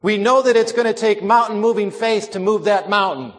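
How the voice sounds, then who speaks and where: A man's voice: sits high, fairly quick, in a large hall. A man preaching a sermon, earnest and emphatic, repeating his key phrases.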